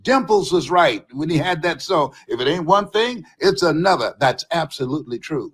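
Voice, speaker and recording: An older man giving a motivational talk, his voice pitched high and swinging widely as he tells stories. He often rises to a shout for emphasis. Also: normal speed, hardly any pauses, husky. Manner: animated storytelling, shouting for emphasis. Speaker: motivational speaker.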